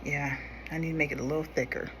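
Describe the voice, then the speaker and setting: A young woman casually chatting to her viewers while doing her makeup, going quieter as she concentrates. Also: deep voice, steady tone, quick pace, background noise. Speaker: makeup vlogger. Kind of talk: casual makeup tutorial chat.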